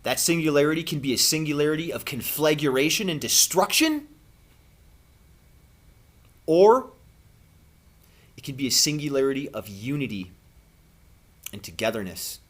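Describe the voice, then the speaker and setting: A man giving an impassioned spiritual monologue to camera as a vlogger, earnest and preachy, with long dramatic pauses. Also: on the high side, very animated.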